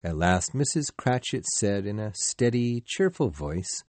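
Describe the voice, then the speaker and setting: A man narrating a storybook in a slow, measured, expressive way. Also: on the low side, no room sound. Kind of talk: storybook reading.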